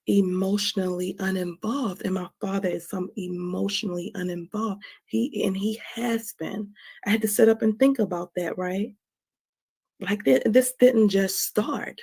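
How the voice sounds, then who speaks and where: In a warm, gravelly, slightly rough mid-range voice, a woman on her own stream opens up about forgiveness with frank emotion. Her confessional style repeats phrases, leans on "right?", and includes occasional swearing.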